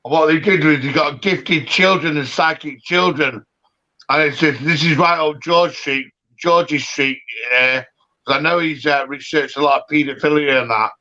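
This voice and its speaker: Bloke rambling on a stream call, highish voice, bright and forceful, dull lo-fi sound. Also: male voice, moderate pace. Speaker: caller on a live stream. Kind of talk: rambling casual chat. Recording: dull lo-fi audio.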